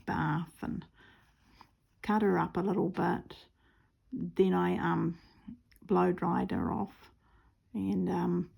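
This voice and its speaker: A woman's voice: on the low side, takes it slowly, gravelly, pauses often, dark tone, slightly rough. A woman with a New Zealand accent chatting casually and rambling while she stitches, with self-mocking humour. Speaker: craft vlogger.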